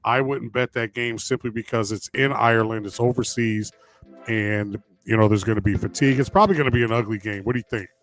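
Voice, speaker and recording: Over soft background music, a sports podcast co-host casually offers his picks, rambling and easygoing with many fillers and restarts. His lowish voice is steady, brisk and a bit bright.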